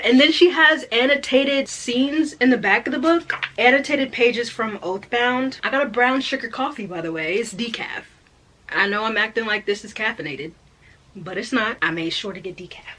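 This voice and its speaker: Excitable young woman gushing over books. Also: a little high. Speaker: book vlogger. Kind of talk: casual chat to camera.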